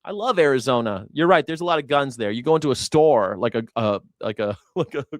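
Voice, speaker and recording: A man's voice: mid-range voice, animated, a little fast, no echo, clean studio sound. Rambling, profane man hosting a show. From United States. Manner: profane, rambling, laughs often. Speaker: host. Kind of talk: casual rambling commentary.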